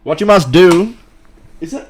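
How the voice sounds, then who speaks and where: An Australian man doing a grand, booming philosopher. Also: lively intonation. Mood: intoning. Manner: slow, grand, intoning delivery. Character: impression of a calm male philosopher lecturing.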